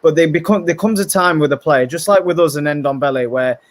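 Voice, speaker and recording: A man's voice: a little high, a little fast, no room sound. Opinionated man, dry sound. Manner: animated, opinionated, repeats words when starting. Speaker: podcast guest, rival football fan. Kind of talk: casual chat, football debate.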